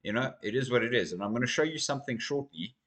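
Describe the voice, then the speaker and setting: A man from Africa, hosting his own crypto channel and talking casually through market data in an energetic, rambling way. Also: mid-range voice, fast. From South Africa. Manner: energetic, rambling, addresses viewers as guys. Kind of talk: casual market commentary to camera.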